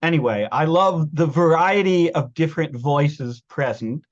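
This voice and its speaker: A fairly high-voiced man hosts a reading, gushing with praise while tripping over words and swearing casually. The audio sounds dull and lo-fi. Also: a little slow. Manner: excitable, tongue-tied, swears freely. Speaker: host of a reading event. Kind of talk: casual enthusiastic chat.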